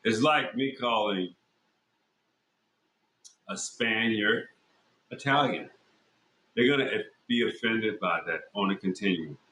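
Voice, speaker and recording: A man's voice: on the low side, slow pace, pauses often, sharp tone. A man hosting a podcast, talking in a blunt, profane, rambling monologue full of fillers and restarts. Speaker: podcast host. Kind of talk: casual monologue. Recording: echoey room.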